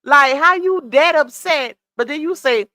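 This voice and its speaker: A woman's voice: high-pitched, a little slow, sharp tone, no echo. A woman hosting a casual livestream, chatting with viewers, reading comments aloud and laughing often. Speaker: livestream host.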